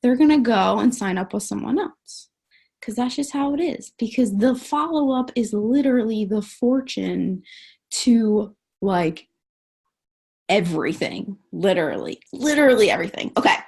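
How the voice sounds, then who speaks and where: A woman's voice: fairly high pitch, lively intonation, normal speed, creaky, a little mellow, slightly rough. A woman coaching her network marketing team over a live stream, upbeat and emphatic, often saying "like" and "guys".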